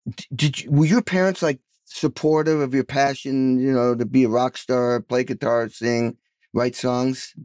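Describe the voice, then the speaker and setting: A man's voice: mid-range voice, fairly even intonation, unhurried, darkish tone, no room sound. Effusive male podcast host, dry sound. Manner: enthusiastic, effusive introductions. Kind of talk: interview hosting.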